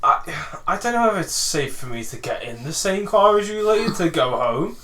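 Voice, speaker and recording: A man's voice: on the high side, big pitch swings, normal speed, a bit bright, a little hiss or hum. A young man co-hosting a casual podcast, protesting and swearing casually. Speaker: podcast co-host. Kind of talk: casual chat.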